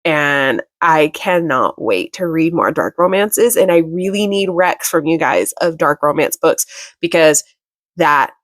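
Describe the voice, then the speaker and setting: A young woman talks casually to her viewers about books she has read, gushing and emotional, filling her sentences with "like". Her voice sits a little low for a woman. The sound is dry and close, with no room echo. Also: animated, unhurried. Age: young adult. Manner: emotional, gushing, many fillers like "like". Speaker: book vlogger. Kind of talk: casual chat.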